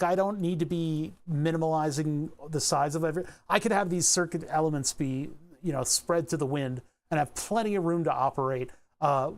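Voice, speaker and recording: A streamer thinking aloud in a relaxed livestream, muttering to themselves, trailing off mid-sentence and often correcting themselves. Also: mid-range voice. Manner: muttering to self, frequent self-corrections.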